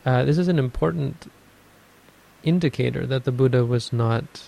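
A man giving a dharma talk on meditation, explaining in a measured way and thinking aloud as he goes. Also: medium pitch, creaky, mellow, low-quality recording. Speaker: meditation teacher.

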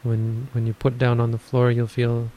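A man giving a dharma talk on meditation, explaining in a measured way and thinking aloud as he goes. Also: mid-range voice, completely flat delivery, mellow, slight background noise, poor audio. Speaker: meditation teacher.

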